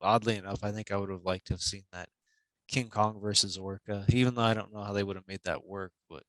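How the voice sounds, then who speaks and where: A man's voice: on the low side, fairly even intonation, quick pace, fairly bright tone, no echo, low-quality recording. A man being interviewed as an author, easygoing and chatty, full of "you know"s. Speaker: author guest. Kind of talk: casual interview chat.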